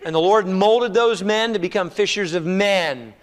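High-voiced preacher in echoing hall. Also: male voice, moderate pace. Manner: animated, exclamatory, swings between loud and hushed. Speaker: pastor. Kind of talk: sermon. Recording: echoey hall reverb.

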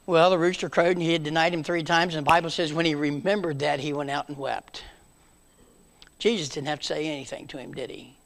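High-voiced preacher with swinging dynamics. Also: male voice, steady tone, a little fast, vocal fry. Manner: dynamic, swings from loud emphatic to hushed. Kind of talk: sermon. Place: church.

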